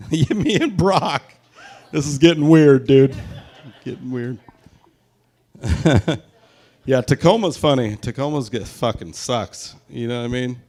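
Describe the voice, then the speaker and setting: A brash young man tears through a stand-up set, swearing freely and firing jokes at the crowd. He is from the Pacific Northwest, and his voice sits at an ordinary middle pitch. He works a live room in a brewery. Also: lively intonation, takes it slowly, pauses often, darkish tone. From Pacific Northwest, USA. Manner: crude, brash, profane, punchy delivery. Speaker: stand-up comedian.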